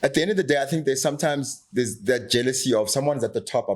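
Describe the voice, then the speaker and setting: A middle-aged man from South Africa speaks as a guest on a podcast, an actor with strong views. He is passionate and emphatic, and he drives his argument with rhetorical questions in a voice of ordinary pitch. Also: fast talker. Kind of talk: candid podcast conversation.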